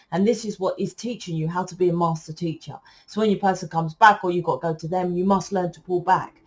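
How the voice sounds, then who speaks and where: Loud rambling woman tarot reader. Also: lowish voice. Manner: loud, rambling, self-correcting. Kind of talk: casual spiritual monologue to viewers.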